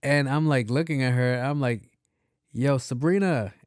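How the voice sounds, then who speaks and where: Animated, slangy male podcast host. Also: medium pitch, moderate pace, clean tone, no echo, studio quality. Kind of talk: casual storytelling monologue.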